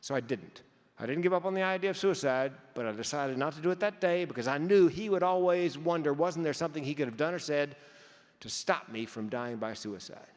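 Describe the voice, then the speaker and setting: A man's voice: on the high side, fairly quick. A man giving a keynote speech, telling stories with comic timing and sometimes stumbling over repeated words. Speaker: keynote speaker. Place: conference hall. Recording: long hall reverb.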